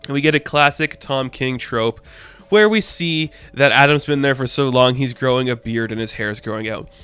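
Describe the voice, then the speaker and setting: Excitable man with a smooth voice. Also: medium pitch, normal speed, no echo, soft background music. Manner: excitable, slangy, peppers talk with "man" and "crazy". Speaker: comic book reviewer. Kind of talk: casual review monologue.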